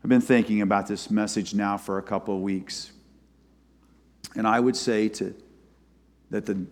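Male pastor preaching, goes loud then soft, long echo from a big church hall. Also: on the low side, moderate pace. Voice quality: retells scripture with quoted voices. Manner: animated, swings from loud to soft. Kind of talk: sermon.

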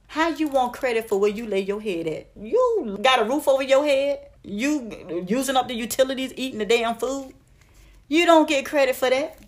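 A woman giving blunt, profane relationship advice in a casual vlog rant, calling her listeners "honey". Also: medium pitch. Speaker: advice vlogger.

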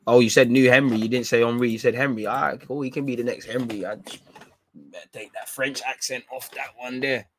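A man's voice: medium pitch, fairly even intonation, fairly quick, a bit bright. Laid-back man on a livestream. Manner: laid-back slangy banter, trailing off into fillers. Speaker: football livestream host. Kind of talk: casual livestream chat reading viewer comments.

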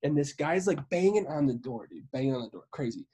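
A man hosting a podcast, telling a story in casual chat. He is animated and profane, and he acts out the voices he quotes. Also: fairly high pitch, fast talker, husky. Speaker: podcast host.

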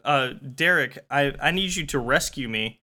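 Bright-voiced male game master. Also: mid-range voice, expressive, moderate pace. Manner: playful, hesitant narration with fillers. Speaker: game master and game show host. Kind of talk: narrating a comedic dungeon game show.

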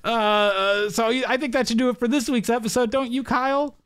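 A man's voice: very high voice, fairly even intonation, brisk, fairly bright tone, smooth. A man from the United States co-hosting a podcast in casual comedic chat, joking and teasing. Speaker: podcast co-host.

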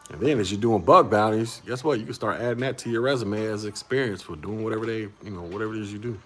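A man in his forties hosts a casual livestream, reading chat and talking with viewers while rambling, repeating words, and chuckling often. He talks fast in a voice that's on the low side and a bit bright, with slight background noise.

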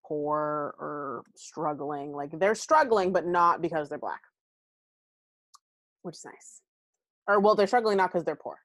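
Woman host, chatty and unfiltered, slightly low voice, close and dry. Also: a bit bright, no echo. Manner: chatty and candid, rambling asides with frequent likes and ums. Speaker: podcast host. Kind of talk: casual book review chat.

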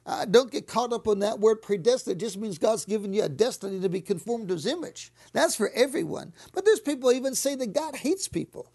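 Fervent preacher woman with a gravelly voice. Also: a little high, expressive, brisk, few pauses. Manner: fervent, repeats words, drops to soft whispers on key lines. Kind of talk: sermon.

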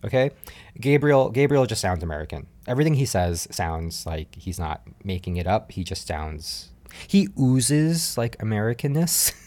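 Chatty low-voiced man recapping a show. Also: normal speed. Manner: chatty, animated, laughs often, frequent fillers. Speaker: podcast host. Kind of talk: casual recap commentary. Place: home apartment.

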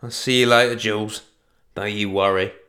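A man's voice: on the low side, fairly even intonation, sharp tone. A man voicing a huge, crude male thug who grunts and mocks. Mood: leering. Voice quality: slow, grunting, mocking.

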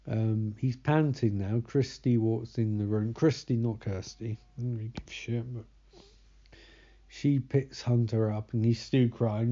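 Young man, mellow voice, sardonic movie recapper who curses freely; slightly muffled lo-fi recording. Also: medium pitch, steady tone, unhurried, breathy edge. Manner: sarcastic, swears often, loses track of names. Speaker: movie commentator.

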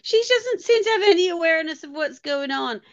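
Woman, podcast co-host, casual chat, very lively pitch, muffled lo-fi sound. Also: brisk. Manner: animated, mimics people, laughs often. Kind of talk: casual chat recapping a reality show.

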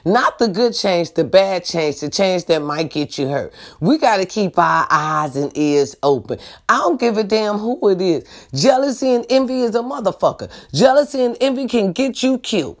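A woman vlogger talking straight to her viewers in a loose, casual rant. She is blunt and profane, and she keeps asking them for agreement. Her voice sits at an ordinary middle pitch. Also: lively intonation, moderate pace, hardly any pauses.

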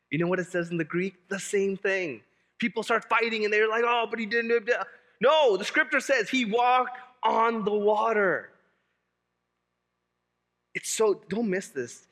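A male pastor preaching a sermon in an animated, humorous way, often repeating key phrases for emphasis. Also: high-pitched, long reverb tail.

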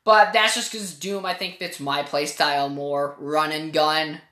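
A woman's voice: sits low, steady tone, a little slow, sharp tone. Profane opinionated woman reviewing games. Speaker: podcast game reviewer. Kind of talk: casual spoken game review. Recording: echoey room.

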